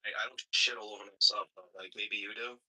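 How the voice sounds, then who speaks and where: A man with a husky, sharply bright voice trades crude banter in a casual online chat. His talk is teasing and offhand, with a lowish pitch. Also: fairly even intonation, a little fast, low-quality recording. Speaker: guest in chat room.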